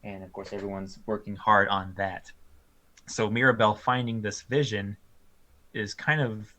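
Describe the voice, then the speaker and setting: In an easygoing film review chat, this male co-host talks in a lowish voice without hurrying. His delivery is animated and full of ums and likes, with frequent laughter as he recounts scenes.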